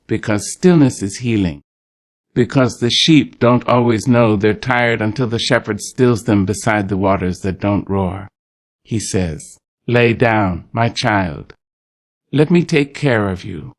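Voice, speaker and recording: A man with a fairly low voice delivers a morning prayer reading in a poetic, preacher-like rhythm. He leans into slow, weighty pauses and speaks to the listener with fatherly tenderness. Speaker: devotional speaker.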